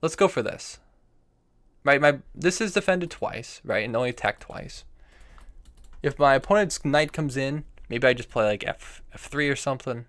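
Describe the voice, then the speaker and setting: A young man live-streams chess from his desk, talking through his moves as he plays. He repeats phrases while he weighs options and breaks off to answer viewers in chat. His voice sits in a middle pitch and is picked up by a desk microphone. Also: normal speed, a bit bright.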